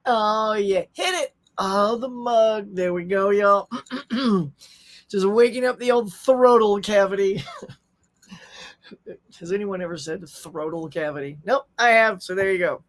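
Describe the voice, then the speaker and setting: A man's voice: high voice, a little slow, no echo. A goofy, upbeat man hosting a casual live stream from home, joking and chatting easily with his viewers. His voice sits close and dry on a desktop microphone, with no room sound around it. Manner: goofy, upbeat, reads viewer chat aloud. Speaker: host of a pop culture livestream. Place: home setup in Southern California. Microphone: desktop USB microphone.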